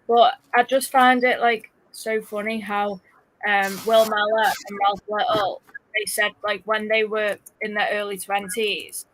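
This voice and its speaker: A woman in a casual chat, pausing often and searching for words. Her voice sits in an ordinary middle range. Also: mid-range voice, level tone, a bit bright, slight background noise, rough recording.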